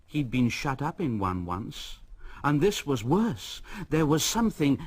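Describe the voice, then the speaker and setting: A man reading a children's storybook aloud as narrator, in an expressive way. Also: mid-range voice, measured pace, husky. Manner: expressive, with lively rises and falls.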